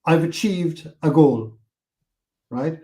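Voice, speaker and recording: An older Irishman talks in a fairly high voice, full of energy as he tells stories from his life. He acts out what other people said and swears without a second thought. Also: takes it slowly. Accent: Irish, Cork. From Ireland. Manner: animated, acts out quotes, swears freely. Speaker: podcast guest. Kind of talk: storytelling interview.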